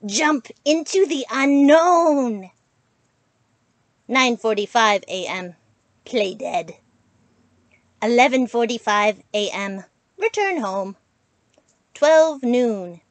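Woman storyteller, picture-book read-aloud, slow and lively, fairly high voice. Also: dry recording. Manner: slow, expressive read-aloud with big pitch swings. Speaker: children's ministry storyteller.

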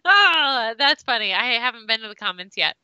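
A woman's voice: on the high side, sing-song, moderate pace, sharp tone, clear, resonant tone, no echo. A woman co-hosting a casual reaction video, chatting in a bubbly way with Valley Girl-like phrasing. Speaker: co-host of a reaction channel.

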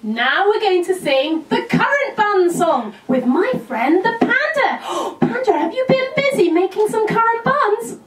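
A woman's voice: extremely high pitch, big pitch swings, unhurried, hardly any pauses, crowd noise. A woman hosting a children's puppet show, exclamatory and sing-song. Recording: roomy, from a distance.

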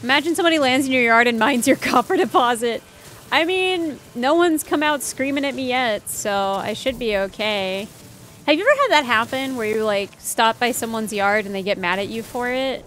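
A woman's voice: on the high side, expressive, normal speed, a bit bright, slight background noise. A young woman streamer chatting casually while playing, rambling through stories with lots of fillers. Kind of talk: casual gameplay chat.

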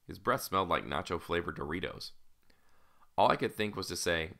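Deep, gravelly male audiobook narrator. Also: expressive, moderate pace, pushed and bright. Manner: casual, wry teenage first-person storytelling. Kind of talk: first-person audiobook narration.

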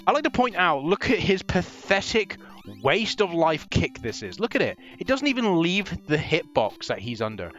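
A man giving excitable first-impressions commentary while playing an old console game, swearing and yelping at enemies. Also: sits high, moderate pace, hardly any pauses, highs cut off. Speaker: gaming channel host. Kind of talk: let's play commentary.

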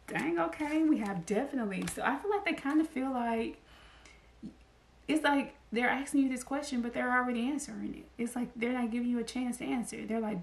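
A slightly high-voiced woman chats through a tarot reading, laughing often and acting out the messages she draws. Her voice has a gravelly fry. The room is echoey, with a faint hiss underneath. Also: normal speed. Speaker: tarot card reader. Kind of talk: casual tarot reading to camera.

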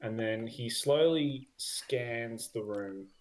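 Casual young game master narrating. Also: male voice, mid-range voice, a little mellow. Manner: casual, filler-heavy, quick bursts.

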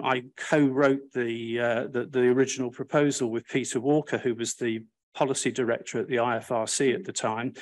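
Older man, wry panel speaker. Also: mid-range voice. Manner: wry, self-deprecating, emphatic. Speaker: panel speaker, Sphere's first chair. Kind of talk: panel talk recounting history.

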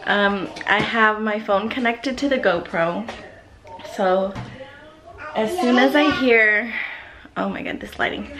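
A woman chatting to camera in a casual vlog, nervous and giggly as she lays out a prank, at times dropping to a whisper. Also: mid-range voice. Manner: nervous, giggly, talking fast about a plan; whispering quietly. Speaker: vlogger.

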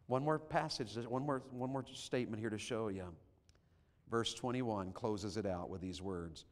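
A man preaching a revival sermon as an evangelist, swinging from shouts to hushed tones. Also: fairly low pitch, normal speed. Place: large church sanctuary. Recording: long hall reverb in a church.

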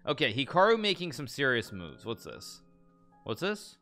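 A man reacting to chess memes on a live stream, chatty and quick to laugh, often stopping and restarting his sentences. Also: mid-range voice, huge pitch swings, pushed and bright, faint music behind. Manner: chatty, self-interrupting, laughs often, reads lines aloud in a mock-romantic tone. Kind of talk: casual live-stream commentary.

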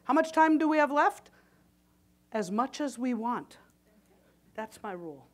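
A woman speaks a little slowly in a high, expressive voice. Demonstrating a recipe live at a conference from the hall's kitchen stage, she banters with the audience and sounds slightly winded.

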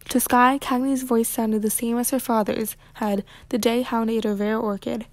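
A woman reading a children's novel aloud with lively, expressive narration. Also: fairly high pitch, moderate pace, few pauses, no room sound. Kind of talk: read-aloud storybook narration.

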